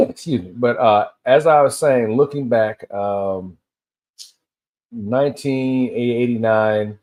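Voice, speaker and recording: A man's voice: mid-range voice, a little mellow. Rambling middle-aged man from Tennessee. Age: 50s. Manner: loose storytelling, drifting between tangents. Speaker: vlogger. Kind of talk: rambling solo rant.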